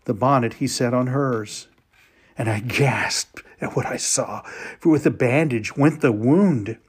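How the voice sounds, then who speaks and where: A man reads a story aloud with slow, emotional weight and long pauses. His voice sits at an ordinary middle pitch. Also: husky. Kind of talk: dramatic story reading.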